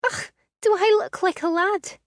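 A woman voicing a sharp-tongued, defiant young noblewoman in a storybook reading. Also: extremely high pitch, steady tone, no echo, studio quality, pitched above the performer's own voice. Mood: defiant, mocking. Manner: scornful, quick, mocking.

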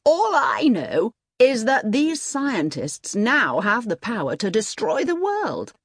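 A woman voicing an agitated male army colonel in an audiobook reading, loud and urgent. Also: on the high side, huge pitch swings, takes it slowly, husky, dry recording, studio quality, pitched above the performer's own voice, full character voice.

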